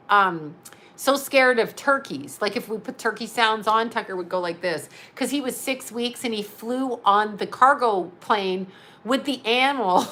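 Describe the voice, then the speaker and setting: A woman's voice: medium pitch, pushed and bright. A middle-aged woman rambling through a casual storytelling monologue as host, chatty, laughing often and acting out what others said.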